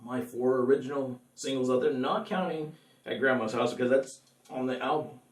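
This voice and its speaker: A man's voice: mid-range voice, fairly even intonation, normal speed. A man, a singer-songwriter, chatting casually with viewers between songs, rambling and laughing often. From California. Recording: echoey room, mic at a distance.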